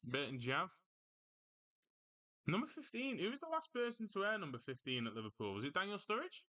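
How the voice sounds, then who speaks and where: A man's voice: high voice, sing-song, fairly quick, sharp tone. A man hosting a casual football livestream, chatting loosely and answering viewers' comments as he reads them out. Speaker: livestream host.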